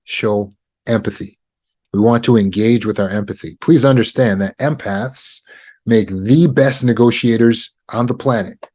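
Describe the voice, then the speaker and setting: A man with a somewhat low voice teaches, steady and unhurried. He speaks in a calm, measured way and lets his phrases settle with deliberate pauses. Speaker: trauma recovery coach. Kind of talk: teaching talk on negotiation.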